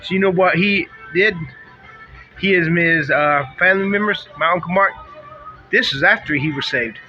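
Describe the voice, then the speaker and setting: A man's voice: a little high, bright, forceful tone. Bitter middle-aged man ranting, lo-fi. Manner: bitter, ranting, halting restarts. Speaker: vlogger. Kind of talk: rambling vlog monologue. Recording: dull lo-fi sound with faint music.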